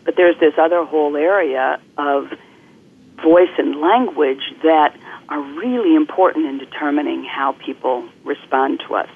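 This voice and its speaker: A woman guest coach explaining things clearly and articulately in an interview, speaking over the phone. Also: deep voice, moderate pace. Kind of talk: interview on a podcast. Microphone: telephone. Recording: phone-line call-in audio.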